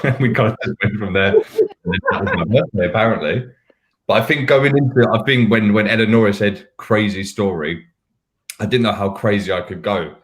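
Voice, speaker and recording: A man's voice: fairly low pitch, animated, fairly quick. A man from the UK, a podcast panelist, telling candid, rambling anecdotes with self-mocking asides in casual chat. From United Kingdom.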